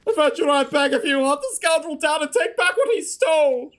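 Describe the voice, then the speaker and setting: A man voicing a frantic, fussy male chocobo breeder with a put-on French accent, high-strung and melodramatic. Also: lively intonation, brisk, fairly bright tone. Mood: urgent.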